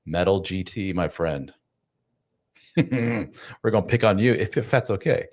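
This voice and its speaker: A man's voice: low voice, takes it slowly. A man hosting a casual live stream from home, chatting loosely with viewers in a self-deprecating way. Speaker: live stream host, men's coach. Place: home room.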